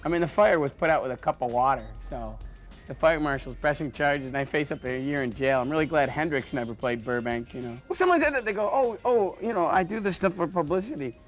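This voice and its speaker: A man who is a stand-up comedian, rambling through deadpan jokes with lots of stammers and restarts. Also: medium pitch, fast, faint music behind. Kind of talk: joking interview monologue.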